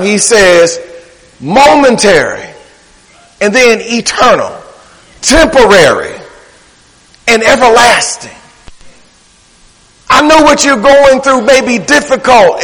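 A man's voice: very high-pitched, sing-song, slow pace, long pauses, a bit bright, in a large hall, poor audio. A man preaching a sermon, with a rhythmic, playful preacherly delivery that repeats words for emphasis. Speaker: pastor. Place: church.

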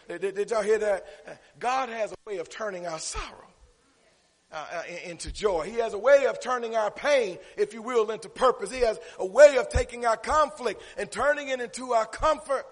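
This pastor speaks fairly quickly in a high voice, drawing call-and-response from the crowd and peaking in shouts. A long reverb hangs in the church sanctuary as he preaches.

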